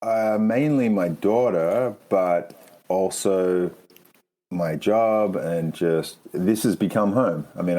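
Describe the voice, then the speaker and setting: A man's voice: low-pitched, warm tone. A middle-aged man from Australia with a mild Australian accent, talking easygoing and rambling as a guest from his home. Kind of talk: casual interview.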